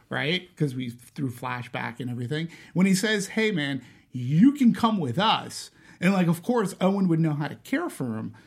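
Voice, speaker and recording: Animated man chatting about films. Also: fairly high pitch, vocal fry, husky. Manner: animated, thinks aloud with many restarts. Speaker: podcast co-host. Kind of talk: casual film discussion.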